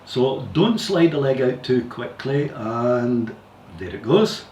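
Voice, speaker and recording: A man teaching yoga, giving calm, careful step-by-step guidance with repeated warnings to go slowly. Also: mid-range voice. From Scotland. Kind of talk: guided yoga instruction. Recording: echoey room, distant mic, faint hiss.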